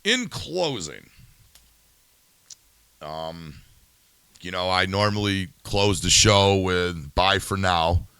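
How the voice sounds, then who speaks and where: Bright, dry-voiced man ranting angrily. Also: sits low, clean tone, no room sound. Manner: angry, swearing, rhetorical questions; subdued and somber. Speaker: podcast host. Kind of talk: profane ranting monologue.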